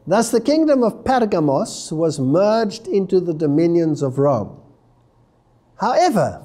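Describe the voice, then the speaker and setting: Slow, lively-pitched man lecturing on scripture. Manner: emphatic, expository, reads scripture aloud. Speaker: religious lecturer. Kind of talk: Bible prophecy lecture.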